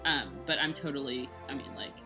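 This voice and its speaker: A woman playing a tabletop game, chatty and hesitant, thinking her moves through out loud. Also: extremely low pitch, steady tone, brisk, over music. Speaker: player. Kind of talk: casual tabletop play.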